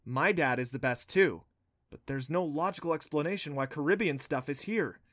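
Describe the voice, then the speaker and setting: A sharp, skeptical girl, as a man puts her on in an audiobook, her pitch lifted well above his own. She scoffs and doubts in an indignant way, close and dry on the mic. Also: normal speed, no room sound. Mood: scoffing.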